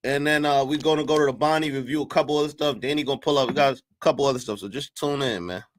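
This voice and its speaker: A young man hosting a live stream, reacting to a clip with animated, incredulous commentary and talking to his chat. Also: medium pitch, fast, slight background noise. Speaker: streamer reacting to battle rap clips.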